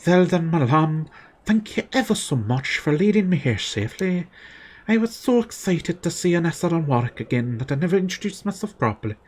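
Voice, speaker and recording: A man reading aloud for a gentle, earnest young holy sister from a video game, in quick, plain narration. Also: a little high, very animated, voice pushed up.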